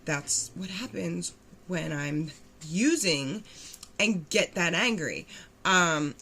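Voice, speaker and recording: A young woman telling her own recovery story in a blunt, animated way, acting out quotes and swearing freely. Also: fairly low pitch, slow pace, slight background noise. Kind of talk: candid storytelling.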